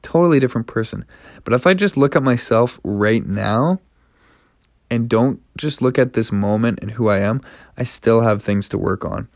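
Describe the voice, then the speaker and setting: A man's voice: mid-range voice, a little slow, no room sound, studio quality. A young man hosting his own podcast, speaking earnestly and encouragingly in a reflective personal monologue. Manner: earnest and encouraging, with many restarts. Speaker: podcast host.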